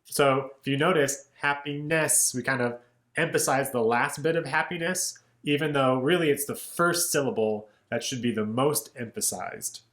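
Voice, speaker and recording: Relaxed man explaining song lyrics. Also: medium pitch, moderate pace, echoey room. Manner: relaxed, explanatory, says "right?" and "kind of" often, speaks lyrics in rhythm. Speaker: music educator. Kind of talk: casual lyric breakdown.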